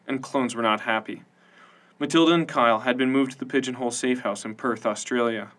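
A man narrating a science-fiction audiobook in an even, measured storytelling manner. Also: medium pitch.

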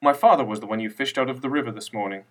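A man's voice: medium pitch, rapid-fire, fairly bright tone, close to an everyday voice. A man reading a story, voicing an aloof middle-aged son of a wealthy family who speaks in a detached, dismissive way. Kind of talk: audiobook character voice. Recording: distant mic with faint music.

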